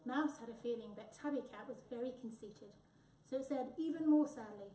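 A woman reading a children's storybook aloud in an expressive, lively way. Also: fairly high pitch, normal speed, a little hiss or hum. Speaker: reader. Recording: echoey room, voice from far off.

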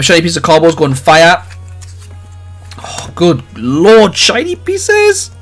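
A man hosting a live card-opening stream, chatting excitedly with viewers and calling out their names. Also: on the high side. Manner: excitable, jokey, rapid swings between loud cheers and quiet mutters. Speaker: livestream host opening trading cards.

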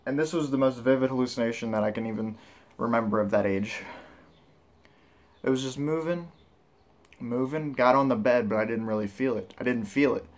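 A man's voice: medium pitch, a little fast, long pauses. A man talking casually to camera as a vlogger, rambling and candid with lots of filler words. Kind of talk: casual vlog talk.

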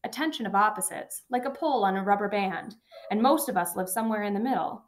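A woman reading an audiobook and voicing an old, dying male professor who speaks gently and accepts his fate. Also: mid-range voice, a little hiss or hum, natural voice. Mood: teaching. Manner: gentle, measured, unhurried. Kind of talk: audiobook narration.

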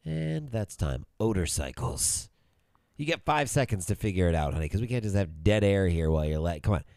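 Podcast co-host, male, teasing and playful, gravelly with lively pitch. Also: brisk, no room sound, clean studio sound. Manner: teasing, playful, sings a silly jingle. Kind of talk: casual banter.

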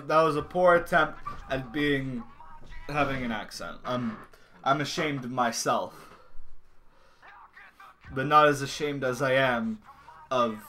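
A young man talks over his gameplay into a desk microphone, casual and profane. His voice is bright and forward, and he snaps into loud outbursts whenever the game goes wrong. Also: medium pitch. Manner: swearing, yelling at the game. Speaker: gaming channel host. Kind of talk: casual let's-play commentary.

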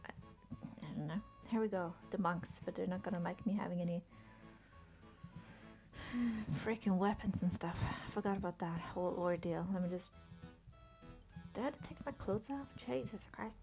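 With a mellow, medium-pitched voice, a young woman gives casual commentary on a live stream of her gameplay. She often laughs and mutters to herself while chatting.

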